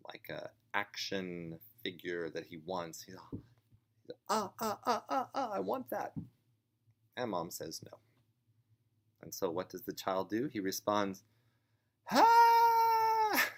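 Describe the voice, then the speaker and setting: A man teaching parents, explaining child behavior gently and acting out a parent and child as he goes. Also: deep voice. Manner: slow, gentle, acts out parent and child voices. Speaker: family sign language teacher.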